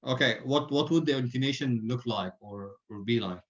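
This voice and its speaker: A man's voice: mid-range voice, normal speed. Patient male teacher, dull call audio. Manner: patient, explains with spoken examples. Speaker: grammar teacher. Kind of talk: online class teaching.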